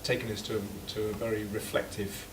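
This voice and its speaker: A man thanking a speaker in a hesitant, halting way, full of fillers. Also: lowish voice, flat delivery. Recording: echoey, distant room mic with noise.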